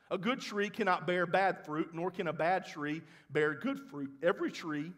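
A male pastor, preaching a sermon with animated storytelling that rises into loud, fervent passages. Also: on the high side. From Mississippi. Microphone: handheld or headset microphone, sometimes cutting out. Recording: church hall with long reverb.

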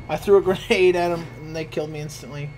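A man's voice: a little high, noisy background. Swearing, raging young male gamer. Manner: ranting, swearing, bursts into shouting rage. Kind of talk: gameplay commentary with friends.

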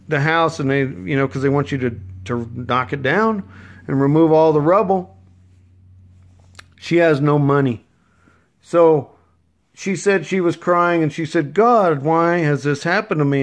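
Man, a bit higher-pitched, for an earnest off-the-cuff sermon with stories. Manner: rambling, earnest, with restarts and asides; storytelling. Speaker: preacher. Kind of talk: informal sermon.

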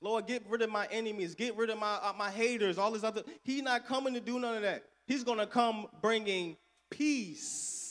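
A man preaching a sermon, calling for responses and swinging between loud and soft. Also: high-pitched, normal speed. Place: church sanctuary. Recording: echoey church hall.

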